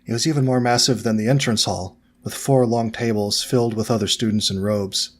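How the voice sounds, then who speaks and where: A man narrating a fan fiction audiobook in a steady, even storytelling manner. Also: on the low side, brisk.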